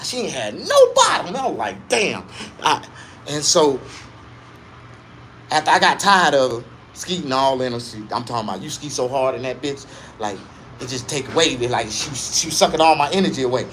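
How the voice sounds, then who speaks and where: A male comedian telling a raunchy, profane story, swinging between low muttering and loud, high yelps. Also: fairly quick, slight background noise.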